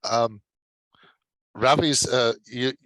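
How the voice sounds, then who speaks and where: A man's voice: medium pitch, drawn-out words, a bit bright, no room sound, low-quality recording. Man moderating a panel, chill and a bit jokey, dry sound.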